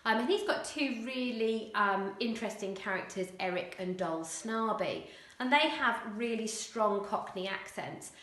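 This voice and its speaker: A woman primary school teacher explaining a writing lesson clearly, with occasional fillers. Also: on the high side, animated, measured pace, fairly bright tone, reverberant.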